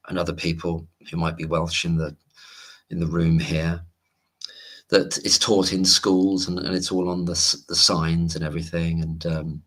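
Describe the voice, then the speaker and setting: A man's voice: low-pitched, a bit bright. A man hosting a late-night livestream, chatting casually and wandering off-topic while he reads out viewer comments. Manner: rambling and digressive, reads viewer comments aloud. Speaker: livestream host.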